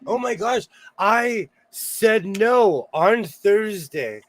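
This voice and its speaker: A man hosting a casual sewing-circle chat, telling animated stories and laughing often. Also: sits high, drawn-out words. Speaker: host of a sewing show; single father.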